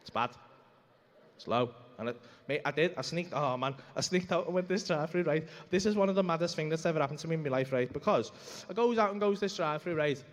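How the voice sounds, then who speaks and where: A man's voice: on the high side, quick pace, big-room sound. A young man telling a rambling, sweary stand-up story on a comedy club stage. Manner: brash, sweary, rambling anecdote full of asides.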